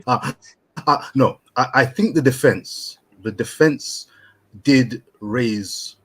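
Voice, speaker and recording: A man's voice: medium pitch, slow pace, breathy edge. A man co-hosting a casual live-stream chat, playful, wordy and theatrical. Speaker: co-host.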